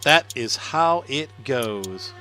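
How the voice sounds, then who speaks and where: A man's voice: medium pitch, lively intonation, extremely slow, bright, forceful tone, slight background noise. A middle-aged man chatting casually on a game livestream, laughing often and answering viewer comments. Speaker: gaming livestreamer. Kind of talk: casual live-stream chat while playing.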